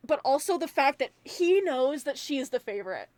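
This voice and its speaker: A young woman giving a casual movie review, animated and rambling, swearing freely as she rants. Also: sits high, normal speed, few pauses, no echo. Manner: rambling, many fillers.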